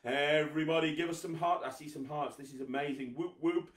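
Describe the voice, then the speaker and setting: A man hosting a live children's magic show, energetic, coaxing and teasing as he gets the viewers to clap and cheer. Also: on the high side, brisk, echoey room, recorded from a distance. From England. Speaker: host, magician.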